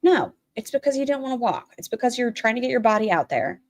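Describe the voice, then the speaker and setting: A woman's voice: on the high side, big pitch swings, quick pace, no echo. Blunt, sarcastic woman streamer. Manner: blunt, sarcastic, swears freely. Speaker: streamer reacting to clips. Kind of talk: live-stream commentary.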